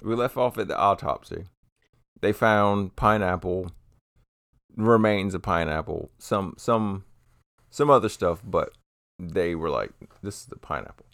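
A man co-hosts a podcast in a low, gravelly voice. He keeps it loose, swears casually and often trails off and restarts mid-thought. The sound is dry and close. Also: slow pace, pauses often, fairly bright tone, no room sound. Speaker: podcast co-host.

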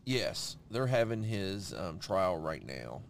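A man's voice: deep voice, big pitch swings, takes it slowly, gravelly. A young man chatting casually on a podcast, swearing freely and saying "bro" often. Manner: swears a lot, says "bro" and "you know what I'm saying". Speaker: podcast host. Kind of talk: casual chat.

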